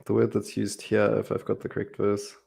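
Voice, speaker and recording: A man explaining Greek grammar in a relaxed Bible study chat, playful and laughing often. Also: lowish voice, fairly quick, vocal fry, slightly rough.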